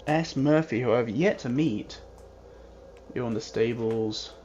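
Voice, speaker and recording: A man's voice: mid-range voice, unhurried, darkish tone. Playful man reading game text aloud. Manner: playful, reads game text aloud, hums little jingles. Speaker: gamer playing a mystery game. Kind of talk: let's-play commentary. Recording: dull lo-fi with faint hiss.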